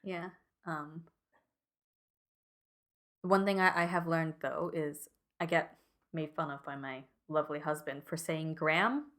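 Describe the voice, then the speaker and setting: Low-voiced young woman, hesitant chat. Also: fairly even intonation, unhurried, long pauses, a bit bright. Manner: hesitant, self-deprecating, laughs often. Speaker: podcast co-host. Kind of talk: casual chat.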